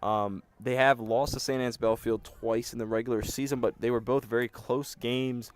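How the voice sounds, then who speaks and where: A man's voice: mid-range voice, normal speed, clear, resonant tone. Young man, easygoing student commentator. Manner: relaxed, chatty, joking. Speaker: play-by-play commentator. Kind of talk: student sports broadcast commentary.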